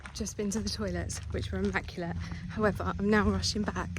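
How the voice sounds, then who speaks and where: A woman hosting a casual travel vlog, chatty and excitable with quick asides, filming on a handheld camera. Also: medium pitch. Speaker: vlogger. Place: in a campervan on the road and outdoors. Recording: loud road and wind noise.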